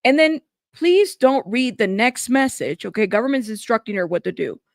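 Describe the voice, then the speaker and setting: A woman's voice: fairly high pitch, very animated, moderate pace, dry recording, studio quality. A woman hosting a news channel, reading court transcripts aloud and breaking off into sassy, chatty asides.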